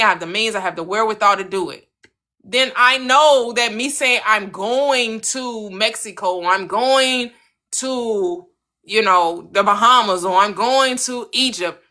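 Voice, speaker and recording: Bright-voiced woman coaching on manifestation. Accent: American. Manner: earnest, coaching, repeats phrases, lively swings in pitch. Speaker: manifestation channel host. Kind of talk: motivational spiritual talk.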